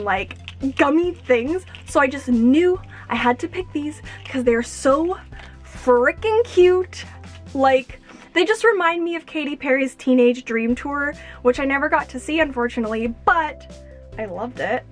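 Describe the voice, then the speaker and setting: A young woman unboxing earrings at home, gushing and excitable, exclaiming often. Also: high voice. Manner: gushing, excitable, fillers like "oh my gosh". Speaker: YouTuber. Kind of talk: unboxing vlog.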